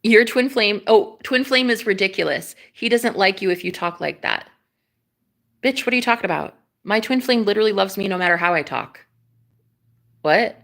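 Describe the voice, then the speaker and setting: A young woman coaching her viewers on twin flames in a casual vlog rant. She talks with sassy conviction and peppers her speech with profanity. Her loud laughs break up the lecture. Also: medium pitch, fairly quick, vocal fry, hardly any pauses.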